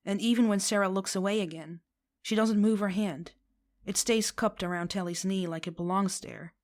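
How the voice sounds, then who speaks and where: A woman reading a fan fiction story aloud, expressive and slipping into character voices. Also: mid-range voice, moderate pace. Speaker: reader.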